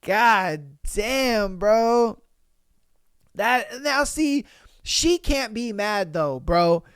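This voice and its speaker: A man hosting a podcast, reading listener posts aloud and reacting with animated, slangy, profane commentary. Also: high-pitched, very slow, clean tone, dry recording, clean studio sound. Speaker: podcast host.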